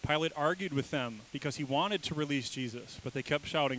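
A man's voice: mid-range voice, brisk, hardly any pauses, a bit bright, slight background noise, low-quality recording. A man preaching a sermon in a casual, conversational way, quizzing his listeners and acting out the people in the story with sudden bursts of emphasis. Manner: conversational, asks the congregation questions; acts out quoted voices with bursts of emphasis. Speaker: pastor.

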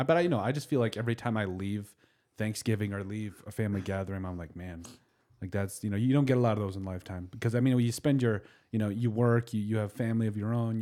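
A man chatting on a casual podcast, talking quickly in a lowish voice. He rambles, trails off mid-thought and circles back with fillers before landing his point. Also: mellow. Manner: rambling, trails off and restarts often. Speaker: podcast host.

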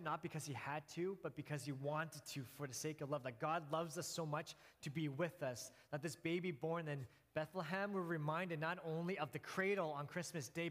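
A man's voice: a little high, normal speed, hardly any pauses. Earnest preacher man in an echoing hall. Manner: earnest storytelling with restarts and soft laughs. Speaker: pastor. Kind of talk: sermon. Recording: long hall reverb.

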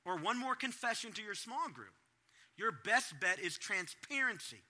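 A middle-aged man preaches to parents in a high, lively voice that leaps up and down as he acts out his own reactions. His tone is bright and forceful, never still for long. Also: moderate pace. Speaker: pastor. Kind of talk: sermon to parents.

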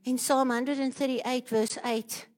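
High-voiced, slow-talking woman preacher. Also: little pitch movement, big-room sound. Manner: rises into loud rhythmic declarations, speaks in tongues. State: out of breath. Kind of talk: charismatic sermon.

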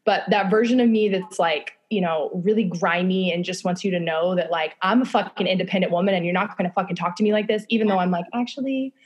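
Casual low-voiced woman, swearing freely. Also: fairly even intonation, fast, few pauses, muffled recording. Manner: casual, frequent fillers and swearing. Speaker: guest. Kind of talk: candid podcast conversation.

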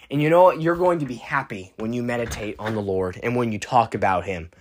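A teenage preacher giving an informal sermon, earnest and halting, with frequent restarts and bursts of excited emphasis. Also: mid-range voice. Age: teens.

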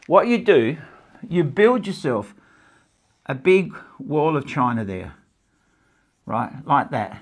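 A man's voice: a little high, very animated, slow, long pauses. A man teaching stress relief and better sleep in a live talk to a small audience and a camera, repeating his points and checking that they follow.

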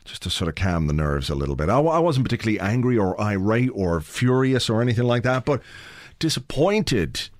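A man's voice: fairly low pitch, lively intonation, fast, few pauses, no echo, studio quality. A man hosting a podcast from his home office, chatting casually in a rambling way, with comic asides and plenty of swearing. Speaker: podcast host. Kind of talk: casual chat. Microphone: home office mic.

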